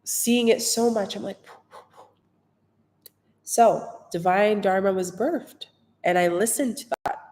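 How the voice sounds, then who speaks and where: A woman's voice: medium pitch, measured pace, a little mellow, long reverb tail. A woman who works as a spiritual healer, chatting casually on a livestream in a dreamy, rambling way, full of "like" and small laughs. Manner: dreamy, rambling storyteller with frequent laughs and "like" fillers. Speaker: spiritual healer and retreat guide.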